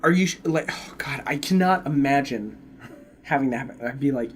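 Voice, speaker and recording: A man in casual chat who reacts in an animated way, swears freely and sometimes drops into hushed asides. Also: mid-range voice, brisk, slight background noise. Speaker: co-host.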